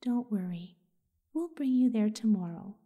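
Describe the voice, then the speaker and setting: A woman voicing a kind, motherly monkey woman in a whispered storybook role-play, gentle and reassuring. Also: mid-range voice, animated, a little slow, slightly rough, narrow, tinny audio.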